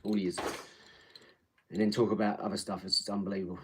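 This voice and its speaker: A man's voice: on the low side, level tone, fast, slight background noise. A man in his forties hosting a casual live stream. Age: 40s. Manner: blunt, rambling, swears freely, talks to viewers. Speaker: livestream host. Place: home front room.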